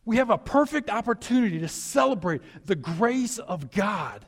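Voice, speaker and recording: Animated male preacher. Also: high-pitched, moderate pace. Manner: animated preaching, rising to emphatic peaks; reflective, conversational asides with restarts. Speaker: pastor. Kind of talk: sermon.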